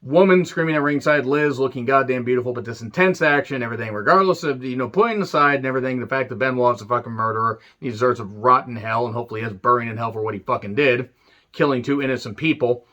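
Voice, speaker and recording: A man's voice: medium pitch, fast talker. Guy ranting thru an old wrestling review, cusses a lot, kinda dull lo-fi mic. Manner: animated, swears freely, sarcastic asides. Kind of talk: casual retro review monologue.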